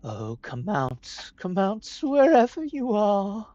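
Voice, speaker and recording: A man voicing a sinister male dragon soldier who taunts in a sing-song voice and a low hiss. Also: wildly swooping pitch, slow, warm tone, no room sound, muffled recording, heavily acted. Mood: sing-song taunting.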